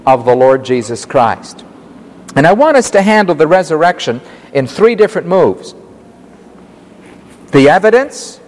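A man preaching an emphatic, animated sermon as pastor, explaining scripture to his congregation. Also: fairly high pitch, in a large hall. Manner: emphatic, animated Bible exposition.

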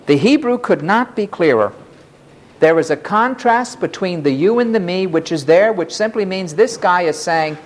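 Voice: medium pitch, animated, moderate pace. A preacher giving a sermon, emphatic and dramatic in delivery.

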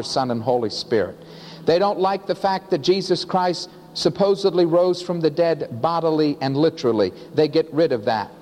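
A man's voice: a little high, a little mellow. A man preaching a sermon, telling a story with acted-out dialogue and pressing rhetorical questions. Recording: long hall reverb.

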